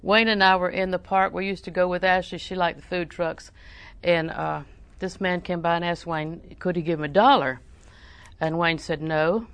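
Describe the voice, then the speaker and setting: A woman's voice: fairly low pitch, steady tone, moderate pace, smooth, no echo. An older woman preaching a sermon in a folksy, storytelling way, with emphatic repetition.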